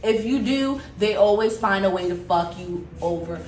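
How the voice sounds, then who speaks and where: A young woman in her twenties telling a storytime vlog in an animated, profane and blunt way. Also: medium pitch, moderate pace. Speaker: vlogger. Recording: roomy echo, faint noise.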